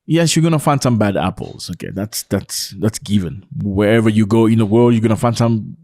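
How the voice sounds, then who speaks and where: Excitable man firing questions at viewers. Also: fairly low pitch, brisk, dry recording, studio quality. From Africa. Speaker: vlogger host. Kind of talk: casual opinion vlog. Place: outdoors in cold weather.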